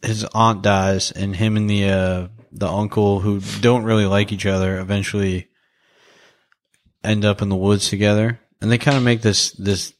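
A young man talks through a film in a loose, rambling way, laughing often and restarting his sentences. His voice sits a bit low. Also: little pitch movement, moderate pace. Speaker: podcast co-host reviewing a movie. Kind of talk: casual chat.

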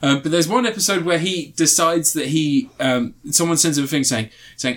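A man's voice: fairly high pitch, normal speed, a bit bright. A man chatting casually as a podcast co-host, retelling a show at length and laughing as he goes. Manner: rambling, laughs through his retellings. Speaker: podcast co-host reviewing shows. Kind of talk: casual chat.

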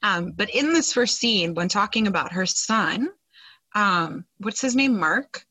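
A woman's voice: mid-range voice, animated, unhurried, sharp tone, no echo, low-quality recording. A woman co-hosting a podcast, recapping a TV episode in casual chat, with many fillers and sarcastic asides. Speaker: podcast co-host.

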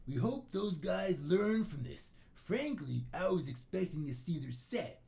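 A man voicing a sarcastic, indignant young male joke-band member in a raised, loud, mocking voice. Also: sits high, big pitch swings, a little slow, gravelly, voice pushed up, heavily acted.

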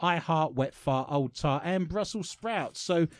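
A man's voice: on the high side, measured pace, no room sound. A man with an English accent hosting a radio show in a studio, talking playfully and laughing often. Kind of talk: casual radio chat. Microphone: studio microphone.

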